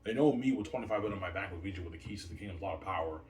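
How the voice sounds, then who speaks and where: A man's voice: deep voice, rapid-fire, a little mellow. A man rambling and boasting in a repetitive monologue, recorded in a roomy space far from the mic. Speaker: vlogger. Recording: roomy, distant from mic, faint noise.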